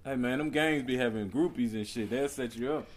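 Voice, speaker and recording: A man co-hosting a podcast, arguing loudly and laughing often in casual banter. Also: medium pitch, brisk. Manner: loud, argumentative, laughs a lot. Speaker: podcast co-host.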